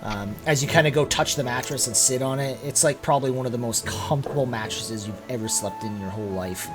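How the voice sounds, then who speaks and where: Male game master, casual tabletop narration, middle pitch, filler-heavy. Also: fast, music in the background.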